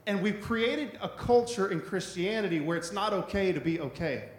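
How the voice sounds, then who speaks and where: High-voiced pastor in an echoey room. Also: male voice, moderate pace. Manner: conversational, repetitive, asks "right?" often. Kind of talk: sermon.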